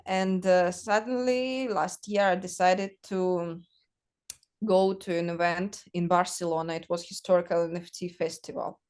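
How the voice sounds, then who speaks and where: Woman telling stories haltingly. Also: fairly low pitch, fairly even intonation, a little mellow, smooth. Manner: halting, searching for words, many fillers. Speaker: guest artist. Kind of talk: casual conversational storytelling.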